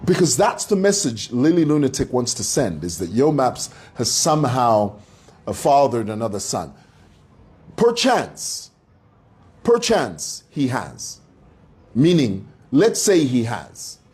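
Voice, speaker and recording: A man's voice: medium pitch, wildly swooping pitch, slow pace, a little mellow. A man hosting an online commentary show, delivering a combative, mocking monologue and addressing his viewers like a preacher. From Zambia. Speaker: commentary channel host.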